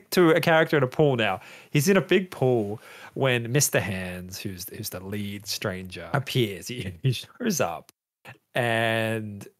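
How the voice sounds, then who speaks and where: A man hosting a film podcast, walking his friends through a movie scene by scene. His voice sits a bit low and swings widely in pitch as he talks. He laughs often and keeps a casual, chatty tone. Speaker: podcast host.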